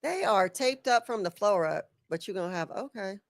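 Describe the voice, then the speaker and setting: A woman's voice: medium pitch, animated, normal speed, vocal fry, no room sound, clean studio sound. A woman co-hosting a wrestling watch-along stream, chatty, greeting viewers and asking questions. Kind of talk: casual live-stream chat.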